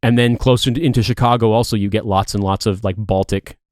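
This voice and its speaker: A man in his thirties talks in a low voice, rambling through casual podcast chat. He swears freely and corrects himself mid-sentence. The sound is dry and close. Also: fairly even intonation, fast talker, a little mellow, dry recording. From Indiana. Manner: rambling, profane, self-correcting. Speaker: podcast co-host.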